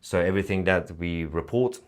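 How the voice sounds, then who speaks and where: Low-voiced guy w/ reading out stream comments, casual and jokey, laughs a lot. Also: brisk. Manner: chatty, joking, laughs often, reads comments aloud. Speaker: livestream host reading viewer comments.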